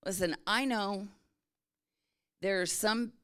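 A middle-aged woman pastor preaches in a chatty, storytelling manner. She keeps pausing to check in with her listeners, asking if they follow. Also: medium pitch, fairly even intonation, a bit bright, clean tone. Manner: conversational storytelling with frequent check-ins to the congregation. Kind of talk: sermon.

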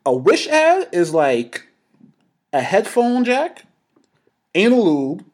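A young man co-hosting a casual podcast chat, telling a story with lots of laughter and animated energy. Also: high voice, takes it slowly. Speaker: podcast co-host.

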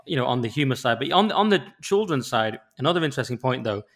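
Fast-talking opinionated man. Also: mid-range voice, expressive, fairly bright tone. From England. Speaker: podcast co-host. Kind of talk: casual chat.

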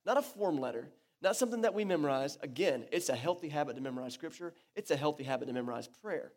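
A man's voice: on the high side, fast talker. A man preaching a sermon to his church, talking casually and with animation, often restarting his sentences. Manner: conversational and animated, with many restarts. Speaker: pastor. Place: church hall. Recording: echoey church hall.

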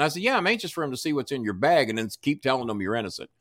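Man, storytelling, profane, mid pitch, lively delivery, dry sound. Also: very fast, dry recording. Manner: profane, acts out dialogue in voices. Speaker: podcast guest. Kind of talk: animated storytelling.

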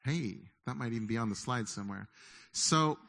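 Middle-aged male pastor, lively conversational sermon, slips into acted inner voices. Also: medium pitch, normal speed, gravelly. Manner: animated, acts out inner voices of listeners.

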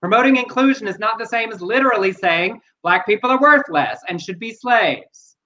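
A man's voice: sits high, lively intonation, moderate pace, sharp tone, highs cut off. A man co-hosting a podcast, speaking earnestly and persuasively about politics and news. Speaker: podcast co-host. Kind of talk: casual chat, commentary.

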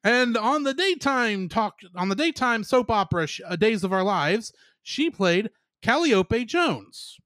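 A man's voice: high voice, very animated, measured pace, a bit bright, no room sound, clean studio sound. A man co-hosting a casual podcast review, chatty and giggling often as he runs through the cast. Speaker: podcast co-host.

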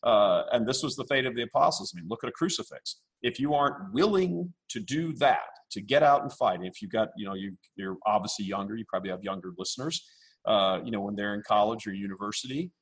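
A man speaking as a podcast guest, blunt and forceful, repeating himself as he rambles. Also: on the low side, animated, fast talker, breathy edge. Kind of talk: casual interview.

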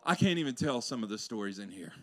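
A male pastor preaching to his congregation in a church. His delivery swings between loud, rising exclamations and quiet, intense passages. He drops in playful, conversational asides to the crowd. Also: medium pitch, animated, fast talker. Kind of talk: sermon. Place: church sanctuary before a congregation.

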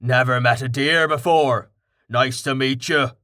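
A man voicing a huge, boisterous bearded warrior in armor, loud and hearty, in an audiobook. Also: mid-range voice, fairly even intonation, unhurried. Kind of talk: audiobook character voice.

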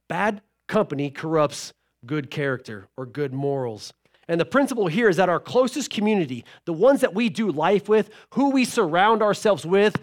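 A middle-aged man delivers a sermon from the pulpit. His voice sits a little high for a man, and he tells stories in a folksy, joking way, teasing and checking in with the congregation as he goes. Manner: folksy storytelling with humor and asides to the congregation. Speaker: pastor.

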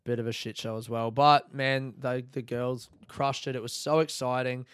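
In this casual solo podcast monologue, an Australian host spins animated, sweary stories and gets himself worked up. He talks at normal speed in a smooth, mid-range voice, captured as a dry, clean studio recording.

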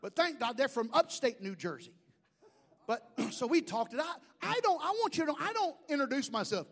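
High-voiced preaching man, shouting and joking. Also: sing-song, moderate pace. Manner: swings from shouting to quiet asides, folksy humor. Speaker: pastor. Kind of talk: sermon.

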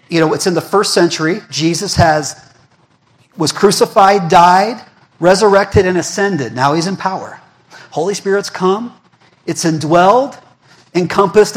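A young man preaching a sermon in a conversational way. He asks the congregation questions, repeats himself for emphasis and often restarts his words. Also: high voice. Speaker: pastor.

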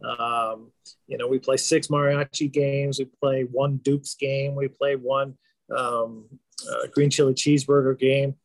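A man who is a baseball team's general manager, answering interview questions in a relaxed, rambling way with many fillers and restarts. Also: mid-range voice, unhurried, no echo.

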